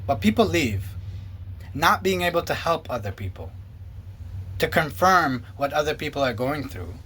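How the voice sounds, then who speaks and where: Guy telling his story earnestly, kinda high voice, a bit raspy. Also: very animated, normal speed, sharp tone. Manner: earnest, reenacts conversations in quoted dialogue. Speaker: former pastor. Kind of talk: personal testimony.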